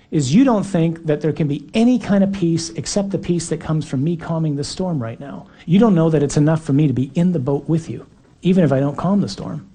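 A male preacher delivering an earnest, emphatic sermon. His voice sits fairly high but sounds mellow, with a husky grain. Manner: earnest, emphatic, acts out quotes.

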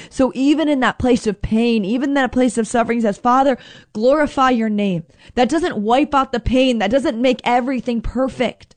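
Woman giving a sermon, talks casual and earnest, voices the prayers she quotes, kinda high, dry recording. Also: fairly quick, darkish tone, no room sound. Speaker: preacher.

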